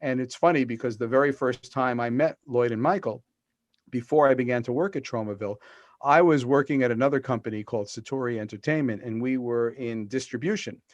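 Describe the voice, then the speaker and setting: A middle-aged man, the guest author, speaks a little fast in a medium-pitched voice, recorded lo-fi with no echo. Interviewed over a video call, he tells stories with animation and acts out the quotes he relays.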